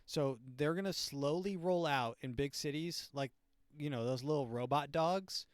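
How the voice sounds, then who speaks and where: A man's voice: on the high side, moderate pace, smooth, no room sound, studio quality. A young man hosting a comedy podcast, telling a rambling, sardonic story full of restarts and filler words. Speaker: podcast host.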